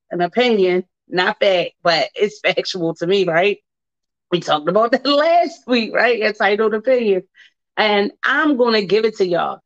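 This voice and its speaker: A woman hosting a talk radio show, chatty and emphatic, who repeats her points and laughs between lines. Her voice is mid-pitched and comes across dry and a little dull, as on online radio. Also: no echo. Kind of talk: casual talk radio monologue.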